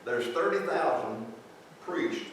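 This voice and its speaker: A man's voice: mid-range voice, lively intonation, slow pace, gravelly, recorded from a distance. A man preaching a conversational, folksy sermon and asking his congregation questions. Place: large echoey church sanctuary. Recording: very echoey church recording from afar, faint noise.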